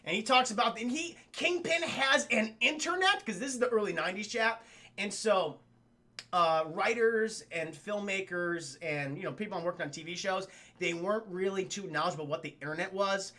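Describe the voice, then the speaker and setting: A man casually reviewing a cartoon episode on a live stream, excitable, swearing freely and talking to his chat. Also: sits high, normal speed.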